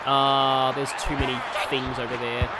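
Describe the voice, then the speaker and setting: A game streamer giving excitable live commentary, often yelling at the game and wandering into chatty asides with lots of fillers. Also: mid-range voice, a little slow, a loud crowd, heavy background noise. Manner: excitable, talks to the game, yells at big moments; rambling asides with many fillers. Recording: game music playing loud under the voice. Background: game music.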